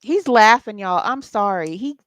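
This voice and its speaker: A woman's voice: mid-range voice, lively intonation, measured pace, fairly bright tone, no room sound. A woman doing a casual channeling session as a psychic reader, chatting and laughing with her viewers. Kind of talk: casual spirit channeling livestream.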